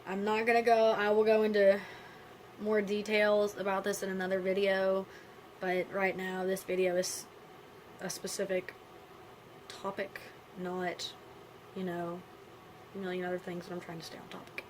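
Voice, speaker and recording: A woman speaks to her camera in a quiet, halting way, stopping often as she talks through a personal story. Her pitch sits in a middle range, and her manner is candid and blunt rather than polished. A faint background noise sits under the voice. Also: completely flat delivery, rough recording. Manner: subdued, halting and quiet, with frequent pauses; candid, casual with blunt swearing. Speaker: vlogger.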